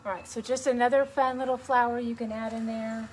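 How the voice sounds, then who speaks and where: With a fairly high but darkish voice, a woman instructor leads a relaxed, step-by-step painting tutorial for beginners, chatty and encouraging over each brushstroke. Her delivery is brisk and flat, and the recording carries noticeable background noise.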